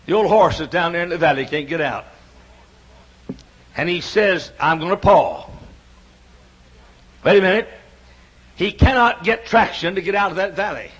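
A man in his sixties preaches with a high, husky voice, driving his points home through rhythmic repetition that swells into shouts. The recording is dull and lo-fi. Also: moderate pace, pauses often. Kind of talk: sermon. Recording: dull lo-fi sound.

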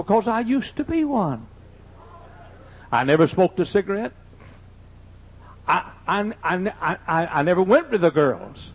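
An older male pastor tells folksy, joking anecdotes in a sermon, his high-pitched voice sing-song and slightly rough. He's unhurried, with long pauses, and the sermon recording is dull and lo-fi.

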